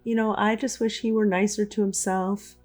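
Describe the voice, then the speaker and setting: A woman's voice: medium pitch, level tone, normal speed, faint music behind, voice pushed up, natural voice. Doting late mother spirit, voiced by a woman. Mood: tender. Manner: gentle, reassuring, doting.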